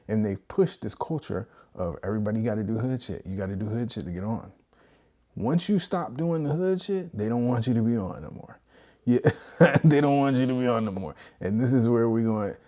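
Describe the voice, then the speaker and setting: A man holds forth in a loose, animated rant on a live stream. His voice sits low and mellow, and he keeps breaking into mocking impressions when he quotes other people. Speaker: streamer host. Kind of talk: casual wrestling commentary on a live stream.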